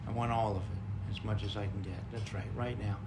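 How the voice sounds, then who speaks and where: A man co-hosting a podcast, talking calmly and gently in a casual conversation about honest communication. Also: fairly low pitch, fairly quick, background noise. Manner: gentle, calm and mild even when voicing anger. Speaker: podcast co-host.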